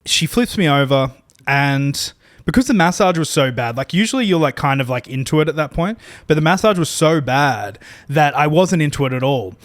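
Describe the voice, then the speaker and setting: Male podcast co-host, slightly high voice, dry close mic, rambling profane storyteller. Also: lively intonation, normal speed, dry recording. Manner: rambling, profane, self-deprecating, many restarts. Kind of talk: casual storytelling chat.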